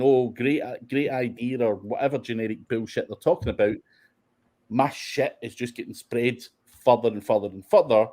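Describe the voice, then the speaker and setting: A Scottish man with a dark, mellow tone answers viewer questions in a relaxed, sweary way. He talks bluntly, laughing now and then between his points. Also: mid-range voice. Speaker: host of SEO Q&A. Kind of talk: casual livestream Q&A.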